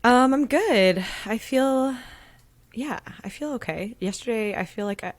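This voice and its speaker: A woman's voice: a little high, expressive, measured pace, no echo. A woman co-hosting a podcast, talking casually with an upbeat, rambling manner. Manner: upbeat, rambling, many fillers and restarts. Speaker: podcast co-host. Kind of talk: casual chat.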